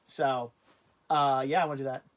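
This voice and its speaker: A man's voice: medium pitch, little pitch movement, moderate pace. A man hosting a casual livestream who rambles, loses his thread and restarts, and laughs easily. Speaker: livestream host.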